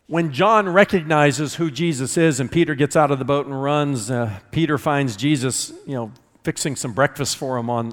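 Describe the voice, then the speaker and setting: A male pastor with a medium-pitched voice preaches an expository sermon, often repeating words when stressing a point. The sound carries a long reverb tail.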